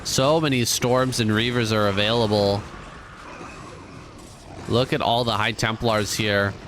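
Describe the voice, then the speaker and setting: A man giving relaxed, conversational play-by-play commentary on a strategy game match, with casual asides. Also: lowish voice, unhurried, a little hiss or hum. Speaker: esports caster.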